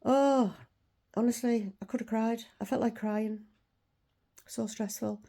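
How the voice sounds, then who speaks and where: A woman's voice: fairly high pitch, flat delivery, unhurried, vocal fry, dark tone. A woman in her sixties telling a story as a casual rant, indignant and swearing freely. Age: 60s. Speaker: weight-loss vlogger.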